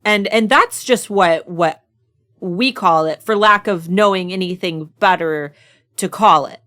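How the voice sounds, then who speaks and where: A woman's voice: fairly low pitch, measured pace, bright, forceful tone. An American woman co-hosting a podcast in casual chat, giggly, enthusiastic and teasing. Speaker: podcast co-host.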